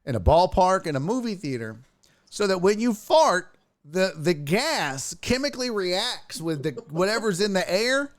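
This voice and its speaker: A man's voice: high-pitched, moderate pace. A man hosting a sports talk show, telling stories in casual chat, acting out quotes and swearing freely. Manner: animated storyteller, acts out quotes, swears freely. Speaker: show host.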